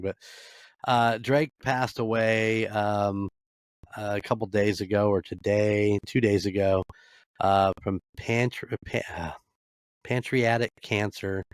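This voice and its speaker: A man's voice: fairly low pitch, steady tone, takes it slowly, smooth, no echo, clean studio sound. A middle-aged man hosting a podcast alone, giving a casual, blunt sports recap full of swearing and rambling asides. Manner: blunt, swears freely, rambling with many fillers. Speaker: podcast host.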